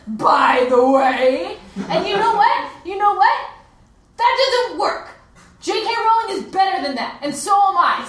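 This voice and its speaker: A woman playing a nerdy, know-it-all wife in a live comedy sketch, indignant and quick to correct. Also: high-pitched, a bit bright. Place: comic book shop, live audience. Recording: echoey room from far off, noisy.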